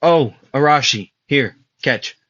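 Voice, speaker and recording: A man's voice: medium pitch, expressive, slow pace, a bit bright, no echo. A man voicing a helpful young male student, casual and self-correcting with fillers. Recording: dull lo-fi dry recording.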